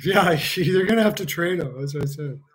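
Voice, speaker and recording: A man's voice: on the high side, normal speed, rough recording. A man chatting casually as he watches a hockey game on a live stream, joking, swearing and laughing often.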